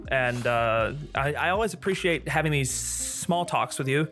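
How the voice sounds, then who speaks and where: A man's voice: medium pitch, expressive, moderate pace, fairly bright tone, faint music behind. A man co-hosting a podcast in casual chat, eager and keen, calling his friend "dude" often. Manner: enthusiastic, says "dude" a lot. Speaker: podcast co-host.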